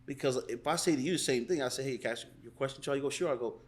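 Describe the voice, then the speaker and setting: A man in a mid-range voice talks as a guest on a casual podcast. He explains his sales tactics by voicing both the customer and the salesperson. His delivery is animated and conversational. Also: medium pitch, rapid-fire. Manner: animated, acts out sales calls in different voices. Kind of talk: casual interview chat.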